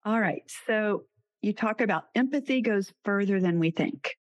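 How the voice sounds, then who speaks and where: A woman's voice: medium pitch, moderate pace, dry recording, muffled recording. A woman who is a podcast host and clinician, interviewing a guest in an affirming, reflective way.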